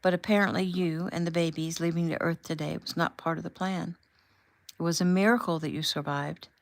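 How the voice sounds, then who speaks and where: A gentle husband who comforts and reassures in a soft, unhurried way, read by a woman. The voice sits fairly low and sounds close and dry, with no room around it. It stays calm and caring throughout. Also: vocal fry, dry recording. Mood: tender. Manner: gentle, soothing. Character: tender reassuring husband, adult man.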